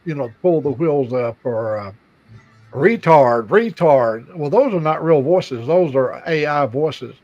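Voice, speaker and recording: An older man co-hosts a casual chat, telling stories packed with fillers and restarts. His mellow, slightly high voice moves at a moderate pace with few pauses. The recording is dry but dull and lo-fi.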